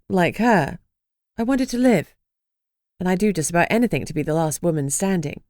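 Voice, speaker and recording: A woman's voice: mid-range voice, no room sound. A woman narrating a first-person fantasy audiobook with a dry, wry delivery.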